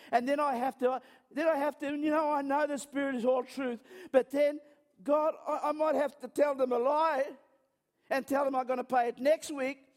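A man preaching, his voice sitting high for a man. He tells chatty, self-mocking stories and often stops and restarts a sentence as he goes. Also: long reverb tail. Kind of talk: storytelling sermon.

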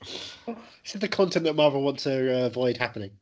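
A man's voice: medium pitch, lively intonation, a little fast, darkish tone. A man co-hosting a podcast, chatting casually with a dry, teasing manner. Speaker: podcast co-host.

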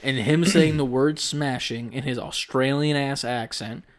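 A man's voice: medium pitch, a little slow. A man co-hosting a casual podcast chat, joking and slangy with casual swearing. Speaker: podcast co-host.

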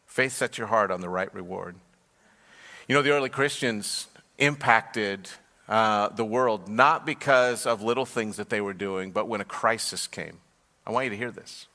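A man's voice: on the low side, sharp tone. A man, a pastor, preaching a sermon with storytelling that builds to emphatic passages. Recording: long hall reverb.

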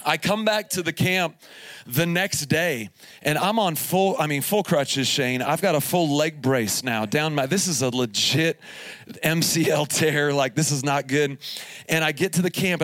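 Preaching live at a camp service, a male pastor delivers a humorous storytelling sermon, joking and laughing through his tales. His voice is a little high and a bit bright, recorded with no room sound.

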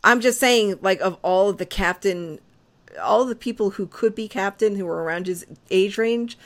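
A young woman hosting a casual podcast chat, playful and quick to laugh. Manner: playful, laughs often, swings in pitch. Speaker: podcast host.

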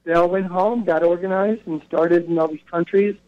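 A man's voice: high-pitched, fairly even intonation, normal speed. A man as a radio interview guest, telling stories in a chatty, anecdotal way with many self-corrections. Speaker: guest, co-founder of a record retail event. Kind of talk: radio interview, casual storytelling. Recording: dull lo-fi radio broadcast.

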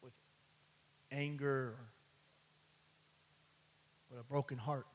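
A man preaching a sermon, calling out "amen" and "catch this" as he builds from quiet asides to loud, high passages. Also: little pitch movement, takes it slowly, rough recording. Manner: calls for response with "amen" and "catch this".

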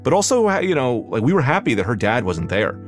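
A young man from New Jersey telling a personal story in a casual, conversational way, getting animated when he relives what he said. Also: mid-range voice, fairly quick. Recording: music underneath.

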